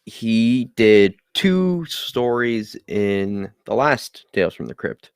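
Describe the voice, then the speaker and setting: A man co-hosting a casual podcast, giving his opinion hesitantly with filler pauses. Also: fairly low pitch, big pitch swings, clean tone, no echo, studio quality. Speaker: podcast co-host.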